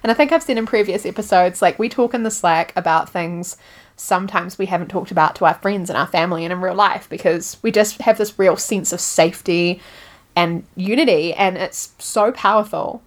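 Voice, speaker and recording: A woman's voice: on the low side, fairly quick. A woman co-hosting a podcast, chatting candidly and filling her talk with "like". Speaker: podcast co-host. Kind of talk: casual chat.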